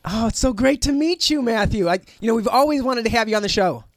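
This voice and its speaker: A male radio co-host in casual banter, excitable and playful, often stammering. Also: extremely high pitch, quick pace, no echo. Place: radio studio.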